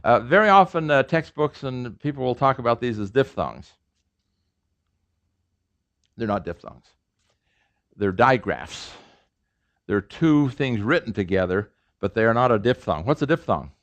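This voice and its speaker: A man's voice: medium pitch, very animated, measured pace, long pauses. Playful male professor drilling vowel sounds. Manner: playful, drills sounds aloud, asks the class questions. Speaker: professor teaching a language class. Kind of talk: classroom lecture. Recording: dull lo-fi lecture recording.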